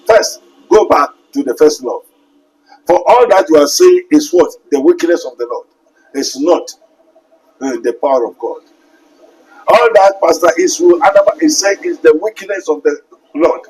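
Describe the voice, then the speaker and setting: A man's voice: on the high side, animated, normal speed, a little mellow, rough recording. A man with a Ghanaian English accent preaching a sermon, quoting scripture and asking rhetorical questions emphatically. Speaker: pastor.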